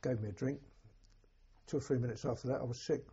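An older English man, a war veteran, telling an oral history in a halting, plain-spoken way with a husky voice. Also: medium pitch, fairly even intonation, warm tone, highs cut off. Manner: halting, plain-spoken storytelling with many restarts. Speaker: war veteran recounting memories.

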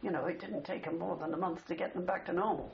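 An older man with a gravelly voice shares his wartime memories in a rambling, anecdotal way, often adding "you see". The recording sounds dull, with faint hiss behind him. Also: high-pitched, fast talker. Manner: rambling storyteller with many "you see" tags. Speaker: interviewee, war veteran. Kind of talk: oral history reminiscence.

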